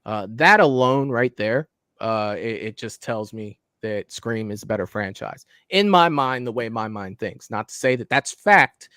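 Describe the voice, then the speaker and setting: A man co-hosting a casual livestream chat about horror films, relaxed and hedging his opinions with fillers. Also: fairly low pitch, a little slow, no echo, studio quality. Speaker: livestream co-host.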